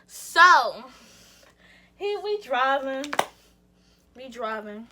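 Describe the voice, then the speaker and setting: A woman's voice: sits high, very animated, extremely slow, very noisy. A young woman vlogger telling a rambling, slangy story in a casual chat with lots of "like" and restarts. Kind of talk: casual storytime while getting ready.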